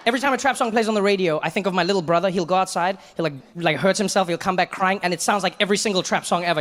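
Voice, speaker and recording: Excitable guy doing stand-up, super high voice, loud crowd. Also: rapid-fire, few pauses. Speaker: stand-up comedian. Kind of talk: stand-up comedy. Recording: live club recording with loud crowd and noise.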